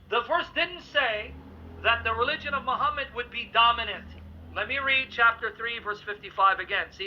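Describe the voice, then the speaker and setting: A man's voice: very high-pitched, pushed and bright, slight background noise. A man debating religion heatedly, reading scripture passages aloud with force. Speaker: Christian debater. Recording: dull lo-fi audio.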